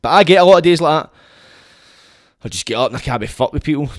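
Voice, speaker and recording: A man's voice: a little high, expressive, fast, no room sound, clean studio sound. A Scottish man hosting a podcast, rambling and swearing in a casual monologue into his phone. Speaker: podcast host.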